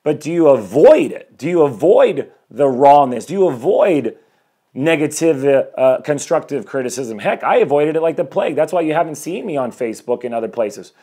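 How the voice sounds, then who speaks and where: A man's voice: fairly high pitch, big pitch swings, moderate pace, mellow, husky. A man in his forties, a life coach talking energetically and a bit ramblingly to viewers on a live stream from his home, preaching about self-improvement and greeting people as they join. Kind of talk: motivational live-stream talk.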